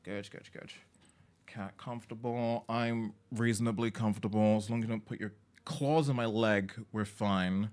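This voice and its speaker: A man's voice: lowish voice, fairly even intonation, normal speed, a little mellow, smooth. A man chatting casually on a live game stream, opinionated and talkative, talking to his cat between bits of gameplay.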